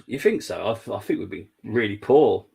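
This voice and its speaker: A man with a low, gravelly, husky voice hosts a live football watchalong. He keeps the chat loose and teasing and laughs easily between comments. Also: big pitch swings, a little fast, mellow. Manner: laughs often, teasing banter. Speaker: watchalong host.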